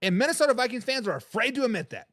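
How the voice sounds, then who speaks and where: Man, sports talk host, mocking rant, reads chat comments, lively swooping pitch, dry room. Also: very fast, no echo. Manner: mocking, trash-talking, repeats words when fired up. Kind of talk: ranting sports commentary while reading live chat comments.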